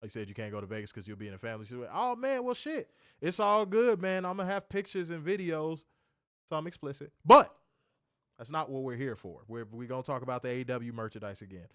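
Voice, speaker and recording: A man co-hosting a casual wrestling chat, joking, slangy and animated. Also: mid-range voice, fast, no echo, clean studio sound. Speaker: podcast co-host.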